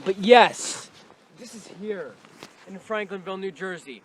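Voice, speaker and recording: A man's voice: sits high, normal speed. A young man playing a news reporter in a goofy, playful mock news report, recorded outdoors in the snow. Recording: outdoor noise on a handheld camera.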